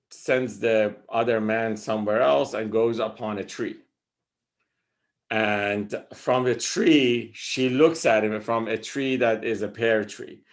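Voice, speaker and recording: A man explaining a poem in a casual talk on a video call, rambling with many fillers and restarts. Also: lowish voice. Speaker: discussion leader reading a poem.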